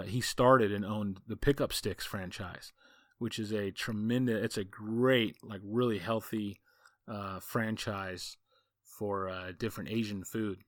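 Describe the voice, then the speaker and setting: A man's voice: on the low side, no room sound, clean studio sound. A man, a football coach hosting a podcast, telling a story in a casual, folksy, rambling way full of asides.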